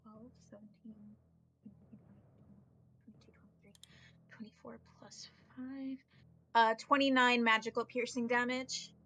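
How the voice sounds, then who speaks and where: A woman's voice: on the high side, little pitch movement, measured pace, bright, forceful tone, a little hiss or hum. A woman playing a tabletop game, casually thinking aloud and counting her dice. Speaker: player.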